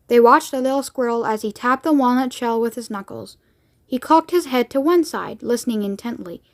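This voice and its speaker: A woman narrating a children's novel aloud in a lively, expressive read-along voice. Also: fairly high pitch, normal speed. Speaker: storybook reader.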